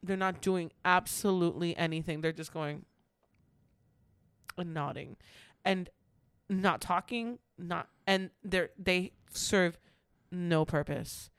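A woman's voice: on the low side, slow, pauses often, smooth, no room sound. A young woman in casual chat, explaining at length and laughing often.

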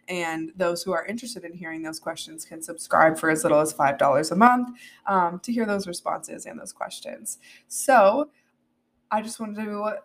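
A woman hosting a solo podcast, earnest and animated, with plenty of "like" and "um". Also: on the low side. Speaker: podcast host.

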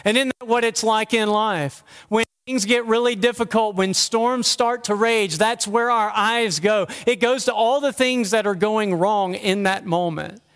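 A man's voice: high-pitched, measured pace, hardly any pauses, fairly bright tone, clean tone. A man preaching a sermon as pastor, earnest and conversational, asking the listeners rhetorical questions. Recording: long hall reverb.

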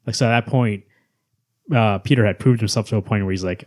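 Fast-talking man in casual podcast chat. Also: lowish voice. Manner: fast, animated, swears casually. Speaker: podcast co-host.

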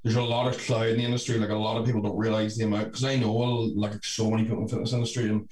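A man's voice: on the low side, level tone, racing, a little mellow, roomy sound. A man co-hosting a podcast in casual chat, telling rambling, sweary stories full of "like". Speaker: podcast co-host.

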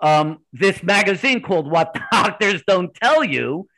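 A man being interviewed on a podcast, telling his stories animatedly in quick bursts with restarts. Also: high voice, expressive, pushed and bright, low-quality recording. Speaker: podcast guest. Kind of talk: conversational interview storytelling.

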